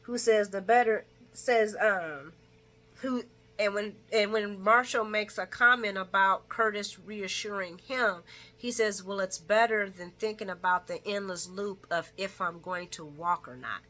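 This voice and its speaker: Bright-voiced chatty woman recapping. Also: unhurried. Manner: chatty, laughs often, acts out characters' lines in a higher voice. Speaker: soap opera recap vlogger. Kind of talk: casual chat recap.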